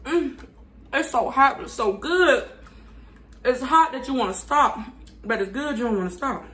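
A woman reviewing fast food on her channel. She chats casually with viewers, talks with her mouth full and hums between bites because the food is burning her mouth. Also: high-pitched, lively intonation, bright, forceful tone. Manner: chatty, addresses viewers as y'all, hums while eating.

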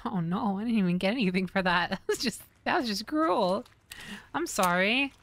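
A woman streamer giving loud, excitable game commentary, often shrieking and swearing. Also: mid-range voice, normal speed. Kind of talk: gaming commentary.

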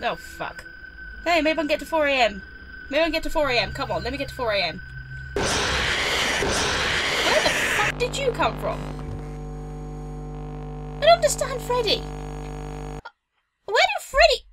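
Young woman, gaming commentator, high voice that leaps around, sweary and excitable. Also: brisk, pauses often, low-quality recording. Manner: excitable, swears a lot, breaks into song. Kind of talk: let's play commentary. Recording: game music loud behind her.

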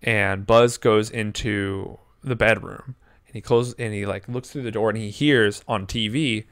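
A man in his twenties telling a story in casual chat, animated, swearing often and acting out quotes. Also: fairly low pitch, unhurried, no room sound, studio quality. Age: 20s. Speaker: podcast co-host.

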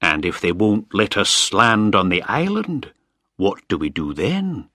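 A man reading a story aloud, voicing a dependable local who speaks slowly and grimly. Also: fairly low pitch, sing-song, pushed and bright, dry recording, clean studio sound, full character voice. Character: dependable male local boatman, grim.

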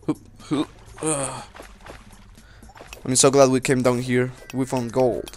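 Young male let's-player, rambling and profane, slow delivery over light background music. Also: medium pitch, level tone, darkish tone. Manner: rambling, swears at enemies, talks to himself. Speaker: let's play host. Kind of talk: casual gameplay commentary. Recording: faint game music behind.

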